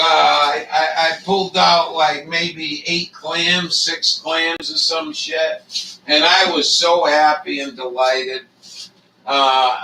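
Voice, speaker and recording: Man, casual chat host, rambling, profane, tense bright tone, slightly higher voice. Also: distant mic, slight background noise, poor audio. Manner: rambling, heavy swearing, frequent fillers. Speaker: livestream host.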